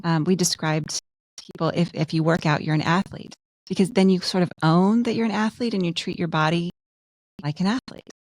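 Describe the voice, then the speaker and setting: A woman dentist with a slightly low voice talks earnestly in casual podcast chat, telling everyday examples. The sound is dry and close. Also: a little fast, a little mellow, no echo. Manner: earnest, storytelling with quoted examples.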